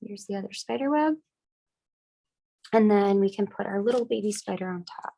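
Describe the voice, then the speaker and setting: A young woman with a cold leads a casual step-by-step decorating lesson. Her mid-pitched voice carries a gravelly fry, and she keeps an easy, chatty, upbeat tone. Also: normal speed, mellow. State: getting over a cold, coughing. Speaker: craft class instructor.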